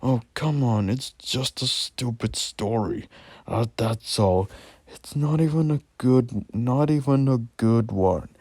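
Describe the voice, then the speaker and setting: A man's voice: medium pitch, slow pace, a little mellow, dry recording, voice pushed up. A man voicing a brash, mocking teenage boy in a spoken horror story. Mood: scoffing. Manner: scoffing, mocking.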